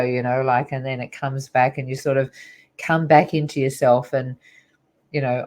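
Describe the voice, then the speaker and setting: A middle-aged woman, a guest on an interview show, earnestly recounting a personal spiritual story in a rambling way with many fillers. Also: deep voice.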